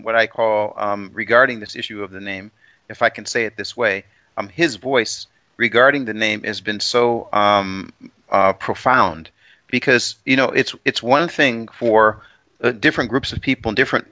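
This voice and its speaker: A man in a podcast conversation, talking haltingly and searching for his words. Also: mid-range voice, bright, forceful tone, dry recording, highs cut off.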